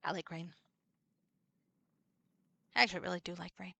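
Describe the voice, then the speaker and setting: A woman's voice: lowish voice, fairly even intonation, moderate pace, gravelly, pushed and bright, slightly rough, no room sound. A woman streaming a computer role-playing game, chatting casually, swearing and reading out the characters' lines. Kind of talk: casual let's-play chat with read-aloud dialogue.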